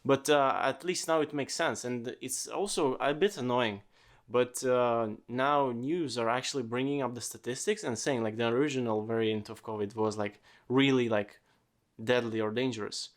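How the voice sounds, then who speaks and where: Male podcast host, casual solo talk, rambling, lots of fillers, swears, mid pitch. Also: normal speed. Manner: rambling, frequent 'like', swears freely.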